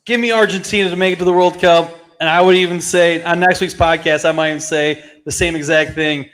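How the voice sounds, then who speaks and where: A man co-hosting a casual sports podcast who teases and fires off quick questions. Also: a little high, fairly even intonation, a bit bright. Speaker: podcast co-host.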